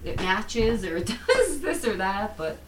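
A middle-aged woman telling a personal story in casual conversation, animated and acting out the dialogue. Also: mid-range voice, a little slow, background noise. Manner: animated, repeats words, quotes people in dialogue. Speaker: guest artist.

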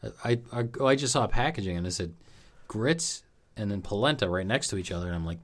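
Man, fairly low voice, halting easygoing podcast chat. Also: animated. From Scranton, Pennsylvania. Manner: halting, repeats words, easygoing. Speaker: podcast co-host. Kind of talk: casual chat.

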